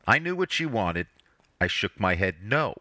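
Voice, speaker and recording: A man reading his own family story aloud, wry and expressive. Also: lowish voice, unhurried, no room sound. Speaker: narrator.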